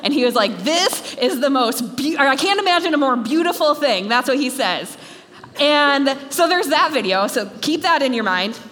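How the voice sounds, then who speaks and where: A woman's voice: high-pitched, a little hiss or hum. Chatty young woman in a reverberant hall. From Minnesota, USA. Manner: chatty, self-deprecating, animated. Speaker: speaker. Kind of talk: talk to students.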